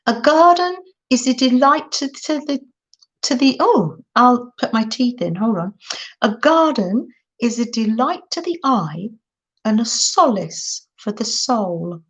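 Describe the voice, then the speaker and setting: A woman's voice: fairly high pitch, expressive, a little slow. An older woman, gushing in a casual livestream chat while she shows crafts to viewers. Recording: dull lo-fi sound.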